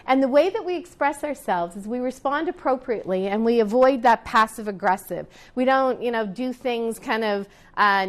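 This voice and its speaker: A middle-aged woman teacher and etiquette counselor, chatting to her students as she tells a story from her teaching days, often restarting sentences and adding asides to the class. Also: a little high.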